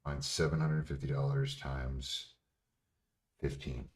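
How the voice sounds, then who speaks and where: Pria bersuara sangat rendah, bicara kasar. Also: male voice, very deep voice, little pitch movement, slow pace. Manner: profane, blunt, laughs often. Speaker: streamer answering chat questions. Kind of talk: casual livestream chat.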